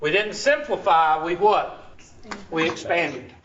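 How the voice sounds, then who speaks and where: A high-pitched man with a drawl teaches a math class, cracking jokes and firing questions at his students. He is picked up from across an echoey classroom, and the sound is muffled with a faint hiss. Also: slow, a bit bright, recorded from a distance. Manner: joking, teasing, quizzes the class. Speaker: math instructor. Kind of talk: classroom lecture.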